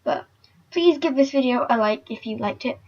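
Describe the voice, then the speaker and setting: A woman's voice: sits high, normal speed, darkish tone. A young woman vlogging casually, chatty and emotional, with lots of filler words. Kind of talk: casual fan vlog. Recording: dull lo-fi recording.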